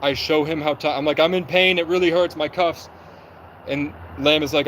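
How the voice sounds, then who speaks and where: Speaking outdoors to his livestream, a young man with a slightly high, somewhat bright voice rushes through a story in an agitated way, acting out other people's lines. His intonation stays fairly even, and the low-quality recording carries faint street and traffic noise.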